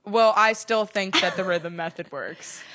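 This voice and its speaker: A woman's voice: mid-range voice, unhurried, background noise. Blunt, foul-mouthed young woman chatting. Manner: blunt, swears freely, animated storytelling. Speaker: podcast co-host. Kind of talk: casual chat.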